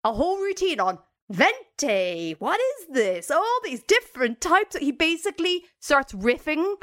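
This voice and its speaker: An Irish woman co-hosting a podcast, chatting casually and telling a story with quick impressions. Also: high-pitched. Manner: animated, breaks into quick impressions. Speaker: podcast co-host.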